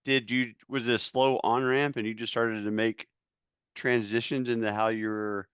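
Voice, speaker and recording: A man's voice: medium pitch, level tone, moderate pace, a bit bright, clean tone, no room sound. A man hosting an interview, asking questions as an attentive, encouraging listener. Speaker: interview host. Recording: dull, dry close mic.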